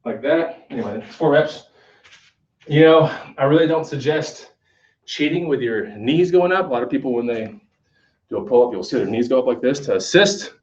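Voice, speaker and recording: With a mid-range voice and lively intonation, a male fitness coach talks at a normal speed while casually demonstrating a workout inside a gym. He keeps it conversational, frequently asking "okay?" The recording is dull and echoey, captured from far off.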